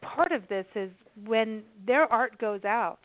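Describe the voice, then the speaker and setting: A woman's voice: on the high side, animated, takes it slowly, dry recording. A woman radio host in a conversational interview, enthusiastic and rambling, often restarting her sentences. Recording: tinny phone-line sound.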